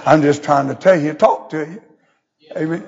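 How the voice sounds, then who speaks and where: Male preacher, high-pitched, folksy down-home sermon style, muffled lo-fi church recording. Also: moderate pace, gravelly, a little mellow. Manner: folksy preaching with scripture read in old English. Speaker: pastor.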